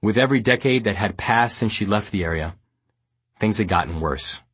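Low, husky-voiced man reading a memoir. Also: no echo. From New York, United States. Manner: measured, steady storytelling. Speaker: memoir narrator. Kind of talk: audiobook memoir narration.

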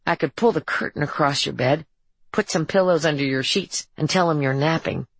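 Woman doing a troubled teen boy, earnest and halting, low gravelly voice, dry audiobook read. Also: dry recording. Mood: anxious. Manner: earnest, halting confessional telling.

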